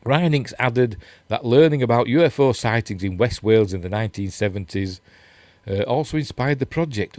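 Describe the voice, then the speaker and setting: A man's voice: mid-range voice, lively intonation, moderate pace, a little mellow, no room sound. Rambling, chatty Yorkshire man, dry close mic. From Yorkshire, England. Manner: rambling, chatty, self-deprecating, reads quotes and chat comments. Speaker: host. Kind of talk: casual news chat reading articles aloud.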